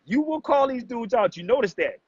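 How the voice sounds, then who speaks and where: Husky, high-voiced man on a lo-fi stream. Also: very animated, a little fast, dry recording. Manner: preachy, confrontational, addresses chat as family. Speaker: livestream host. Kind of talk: casual livestream talk to viewers. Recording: dull, muffled lo-fi livestream audio.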